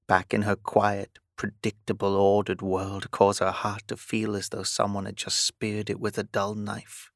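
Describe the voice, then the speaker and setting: Gravelly low-voiced male narrator. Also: monotone, measured pace, dry recording, clean studio sound. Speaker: audiobook narrator. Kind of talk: scripted romance narration.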